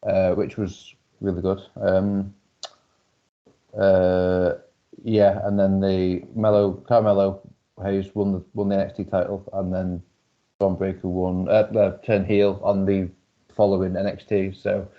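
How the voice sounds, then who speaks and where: A man co-hosting a casual podcast, rambling with many restarts and quick to laugh. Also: deep voice, little pitch movement. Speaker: podcast co-host. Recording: muffled lo-fi audio.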